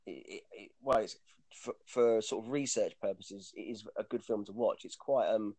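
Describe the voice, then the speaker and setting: A man talks casually about movies in a fairly low voice, rambling and restarting his sentences as he goes. The recording is dry and close, with no room sound. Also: normal speed, a little mellow, dry recording. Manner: rambling, chatty, frequent restarts and fillers. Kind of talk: casual chat about films.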